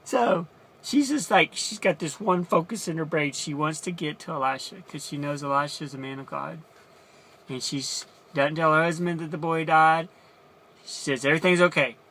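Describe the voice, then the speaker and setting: A man's voice: fairly high pitch, steady tone, moderate pace, sharp tone. A man casually retelling a Bible story as a teacher, chatty and explaining as he goes.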